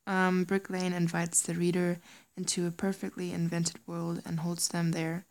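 Woman, lower register, casual, stumbles through reading, self-deprecating. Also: level tone, normal speed, a little mellow. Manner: hesitant, stumbles over words, self-deprecating.

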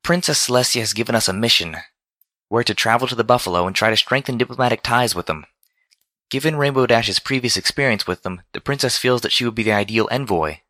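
A man's voice: mid-range voice, quick pace, pushed and bright, dry recording, studio quality, pitched above the performer's own voice, natural voice. A man voicing a studious, earnest female pony leader who speaks firmly. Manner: earnest, firm, commanding.

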